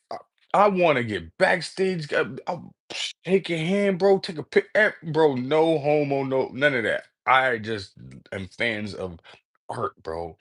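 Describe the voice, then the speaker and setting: A man hosting a livestream, talking in a rambling, excitable way, full of slang and swearing, often breaking off mid-word. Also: medium pitch, a little slow. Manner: excitable, profane, slangy, peppers speech with "bro"; jumps between thoughts, trails off mid-word. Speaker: livestream host. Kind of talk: casual rambling livestream talk.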